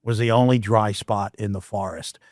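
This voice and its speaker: A Canadian podcast host with a lowish voice tells a personal story at a moderate pace, casual and animated, often restarting sentences and slipping in asides. The studio sound is clean with no echo.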